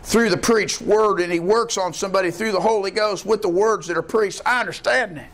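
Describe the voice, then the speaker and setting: A man preaching a sermon as pastor of a church, impassioned and folksy, rising to shouts. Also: high voice, fairly quick, a little hiss or hum.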